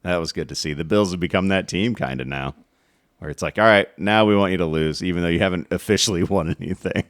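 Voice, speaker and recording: A man with a deep, low voice co-hosts a relaxed sports podcast. He jokes around and talks through numbers as he looks them up. The sound is close and dry. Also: fast, no room sound. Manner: joking, talks through stats aloud. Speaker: podcast co-host. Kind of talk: casual sports chat.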